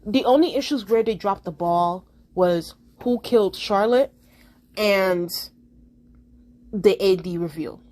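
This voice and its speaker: A woman's voice: slow pace, long pauses. A young woman, rambling through a casual opinion vlog and restarting her sentences often. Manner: rambling, restarts often, animated swings in pitch. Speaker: vlogger.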